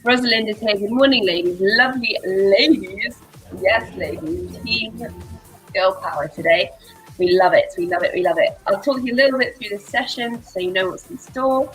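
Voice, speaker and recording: A woman's voice: mid-range voice, moderate pace, a bit bright, faint music behind, poor audio. A woman with an English accent, leading a live workout class in a bubbly, rambling way and laughing often. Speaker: fitness instructor.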